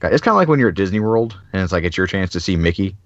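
A man hosting a podcast, telling a story in a casual, animated way with lots of filler words. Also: low voice, very fast, no echo, highs cut off. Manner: animated storyteller, many "like" fillers, acts out quotes. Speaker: podcast host. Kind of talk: casual chat.

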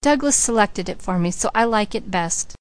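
A woman's voice: medium pitch, animated, moderate pace, clear, resonant tone, close to an everyday voice. A woman reading the lines of an eager young woman in an audiobook, in an earnest voice. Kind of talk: audiobook character voice.

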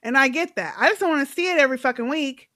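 Bright-voiced woman making her point. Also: high-pitched, expressive, rapid-fire. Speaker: show reviewer. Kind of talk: casual chat.

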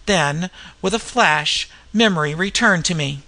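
A reader with a gravelly, bright-edged voice narrates an old-fashioned mystery. The delivery is measured and even, in the manner of a classic audiobook. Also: mid-range voice. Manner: measured storytelling with character voices.

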